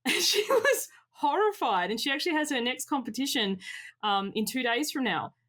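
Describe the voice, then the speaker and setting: A woman in her thirties or forties telling frank personal stories as a podcast guest, expressive and lively. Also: high-pitched, normal speed. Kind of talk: candid personal storytelling.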